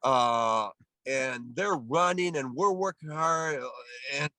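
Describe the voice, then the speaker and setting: Man from Canada, 40s, animated interview storyteller, acts out voices, dry close recording. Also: medium pitch, slow pace, no echo. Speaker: guest, former pro baseball player.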